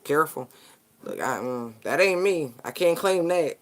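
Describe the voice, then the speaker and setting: A person giving a casual tarot card reading straight to viewers, animated, slangy and profane. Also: medium pitch, measured pace.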